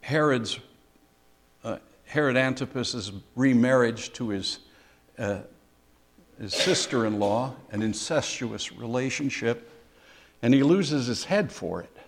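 Older guy preaching real slow, chatty sermon w/ dry jokes, pastor. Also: medium pitch, slight background noise. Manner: slow, conversational preaching with dry humor and pauses.

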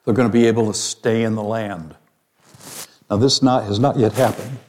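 A man's voice: lowish voice, steady tone, a little mellow, slight background noise. A man preaching a sermon, teaching verse by verse. He reads scripture aloud and puts questions to his listeners. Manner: slow, deliberate, reads scripture aloud, asks the audience questions.

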